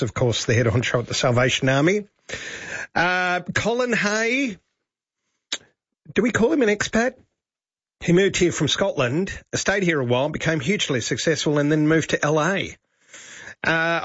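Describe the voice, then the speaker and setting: A man's voice: fairly high pitch, fairly bright tone, husky, no room sound. Male radio host, chatty and joking, dry close mic, lo-fi sound. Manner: chatty, joking, with frequent uh fillers. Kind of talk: talk radio presenting. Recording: dull, lo-fi radio broadcast.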